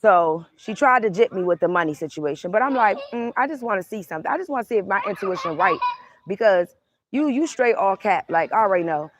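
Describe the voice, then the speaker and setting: A woman's voice: mid-range voice, animated, fairly quick, noisy background. A young adult woman, a tarot reader, telling a casual storytime rant, heated and profane, acting out both sides of an argument.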